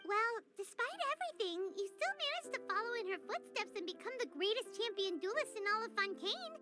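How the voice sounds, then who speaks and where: A woman voicing a small, chirpy fairy companion in a video game, with a bright, sing-song, eager delivery. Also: very high-pitched, big pitch swings, brisk, over music. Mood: admiring. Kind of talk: game voice acting.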